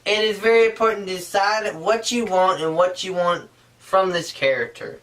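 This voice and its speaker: A man's voice: high voice, moderate pace, fairly bright tone. Earnest man teaching, mic set far off. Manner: earnest, rambling, often restarting sentences. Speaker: puppetry instructor. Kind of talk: casual how-to tutorial.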